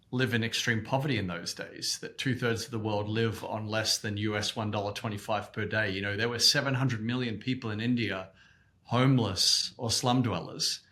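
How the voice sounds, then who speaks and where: An Australian man in his forties, a guest in an interview, telling stories in an animated way and often repeating words as he restarts. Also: on the low side, moderate pace. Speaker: guest, activist organization co-founder. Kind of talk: interview storytelling.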